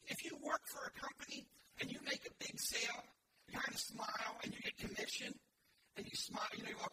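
A male pastor delivers a sermon with a wildly swinging, very high voice. He leads his congregation in call-and-response. It is picked up from far away in a reverberant sanctuary under heavy background noise. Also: huge pitch swings, fairly quick. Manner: builds to shouted emphasis. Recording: echoey, distant and noisy room recording.

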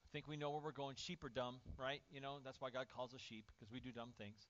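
A male pastor preaching a lively sermon, swinging from loud, acted-out outbursts to near-whispers. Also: mid-range voice, brisk. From Indiana, USA. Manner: animated, acts out voices and swings from shouting to near-whisper. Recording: dull lo-fi sermon audio.

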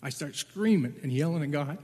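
A man with a fairly high voice tells a personal testimony, stumbling and repeating words as he goes. His delivery turns urgent and loud at the tense moments. A long reverb trails his voice, as in a large hall. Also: animated, fairly quick, slightly rough. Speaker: Bible translator.

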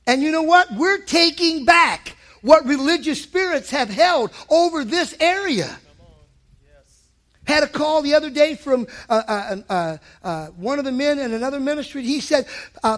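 A male pastor preaches a sermon at a weeknight church service in a very high, bright, forceful voice. His sing-song delivery moves at normal speed and stays emphatic, pushing up to shouts to drive his points home.

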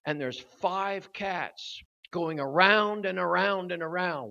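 An older man preaching at a youth service, telling a story with growing drama and shouting at its peak. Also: high voice, takes it slowly, creaky, hardly any pauses. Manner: animated storyteller, voice rising to shouts at the climax. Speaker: guest preacher. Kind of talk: storytelling sermon. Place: church hall at a youth service. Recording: dull lo-fi recording.

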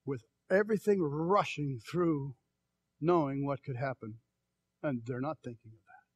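A middle-aged male pastor preaching a sermon in a folksy, storytelling way, moving from soft, slow, hushed passages to loud, emphatic calls. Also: mid-range voice, slightly rough, dry recording. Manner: folksy, tells personal stories.

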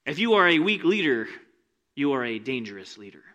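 A man preaching a sermon in a church, animated and conversational, with asides to the congregation. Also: mid-range voice, a little fast. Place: church sanctuary with rows of seats.

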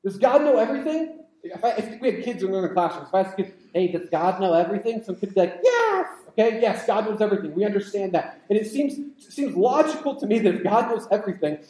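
A man's voice: high voice, dark tone, reverberant, poor audio. A man preaching a sermon, conversational and building to impassioned climaxes. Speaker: pastor.

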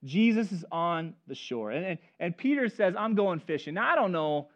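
High-voiced male pastor preaching. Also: moderate pace. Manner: storytelling, animated and conversational. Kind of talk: sermon. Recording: dull lo-fi recording.

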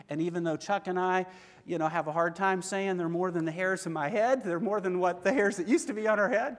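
A middle-aged male pastor speaks in a high, light voice, earnest and conversational, turning often to questions for his listeners. His sermon rings out in a long, reverberant church hall. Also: brisk.

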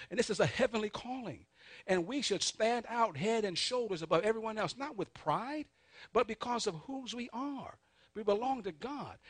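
A man preaching a sermon, calling on the congregation to answer back, swinging between soft asides and loud emphatic peaks. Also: very high voice, dry recording. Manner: call-and-response preaching, urging the congregation. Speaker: pastor.

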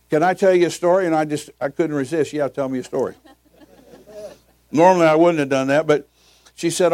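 Older man, pastor, folksy sermon storytelling, light chuckles, fairly high voice, dry sound. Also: a little fast, long pauses, a little mellow, no room sound. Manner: folksy, chuckling between anecdotes.

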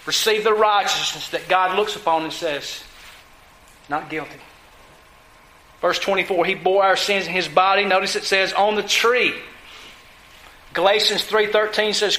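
A man's voice: high voice, pushed and bright, roomy sound, rough recording. A man preaching a sermon, emphatic, asking his listeners questions and answering them himself. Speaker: pastor.

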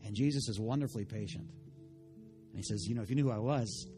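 A pastor preaching a sermon, retelling a story in voices and building to loud, passionate preaching. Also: male voice, fairly low pitch, fairly quick, soft background music.

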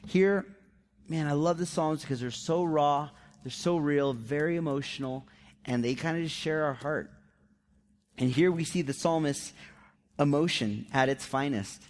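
A man preaching a sermon, animated and conversational, often throwing rhetorical questions to the congregation. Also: on the high side, normal speed. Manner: emphatic storyteller. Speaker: pastor.

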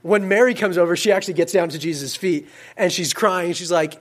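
A man preaching a casual sermon as a youth pastor. He swings between loud, emphatic stretches and quiet, soft-spoken asides. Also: high-pitched, brisk.

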